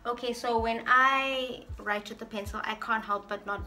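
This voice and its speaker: A woman talks to her camera in a relaxed get-to-know-me video, reading questions aloud before answering each one playfully. Her voice sits a little high, with a bright, forceful edge. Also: normal speed, soft background music. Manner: chatty and playful, reads out questions then answers them. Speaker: vlogger.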